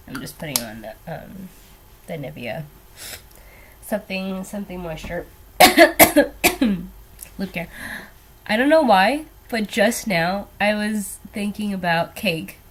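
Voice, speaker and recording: A young woman with a mid-range, slightly rough voice takes her time while doing her makeup at home, pausing often and swinging widely in pitch. As a beauty vlogger in a casual get-ready-with-me chat, she rambles hesitantly with plenty of ums and trailing asides, with a little hiss or hum audible.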